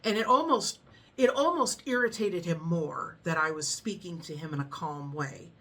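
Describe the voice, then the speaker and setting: A middle-aged woman tells a story in a loose, chatty way, laughing often and keeping a calm, frank tone. Her voice is bright and a little on the low side. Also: normal speed. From United States. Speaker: vlogger. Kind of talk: casual storytelling chat.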